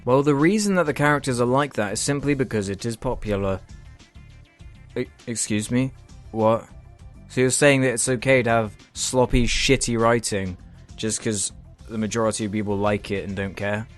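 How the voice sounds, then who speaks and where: A British man tears into viewer comments with dry sarcasm and plenty of swearing, his voice sitting at an ordinary middle pitch. He mocks and rants in the style of a comedy reply video. A little music plays quietly behind him. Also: moderate pace. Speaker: YouTuber reacting to comments.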